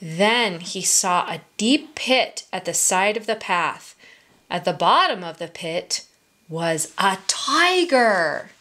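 A woman reading a children's storybook aloud at story time, in a slow, expressive manner for small children. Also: medium pitch.

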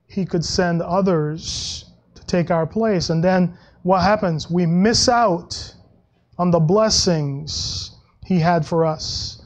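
A male pastor preaching a sermon in a conversational way, with frequent restarts and soft laughs, and dropping his voice when he quotes scripture. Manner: acts out Bible quotes in a lower voice.

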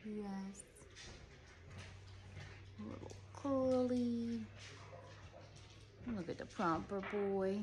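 A woman who breeds dogs, showing puppies one by one and cooing at them in baby talk. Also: on the high side. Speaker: dog breeder. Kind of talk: cooing puppy showcase.

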